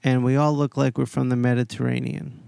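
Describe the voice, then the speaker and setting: A man hosting a podcast, telling a long story in a casual, animated way, heavy on swearing and quoted voices. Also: medium pitch, a little fast, gravelly, clear, resonant tone, no room sound, clean studio sound. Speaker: podcast host.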